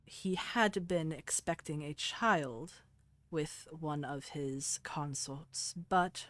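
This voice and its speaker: A woman's voice: sits low, slow, no echo. A woman voicing a nervous male advisor who delivers bad news in a formal, hesitant way. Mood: somber.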